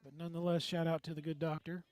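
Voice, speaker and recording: A man calling play-by-play for a local radio baseball broadcast, with relaxed, folksy banter between pitches. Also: fast talker, smooth, no room sound. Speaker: play-by-play announcer.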